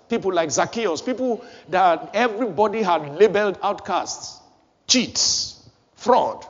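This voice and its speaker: A man's voice: high voice, expressive, moderate pace, a bit bright, in a large hall, muffled recording. A man preaching a sermon as pastor of his church, building emphasis with repeated phrases.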